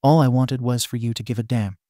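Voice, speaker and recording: A man's voice: mid-range voice, fairly even intonation, fairly quick, dark tone, no echo, studio quality, close to an everyday voice. A man voicing a bitter, scarred young male villain confronting his father in a fan fiction reading, menacing and accusing.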